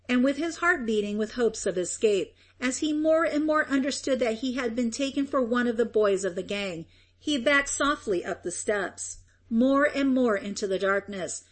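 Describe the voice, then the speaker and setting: A woman reading a story aloud as narrator, in a measured, expressive way. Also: on the high side. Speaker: audiobook narrator. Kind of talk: scripted narration.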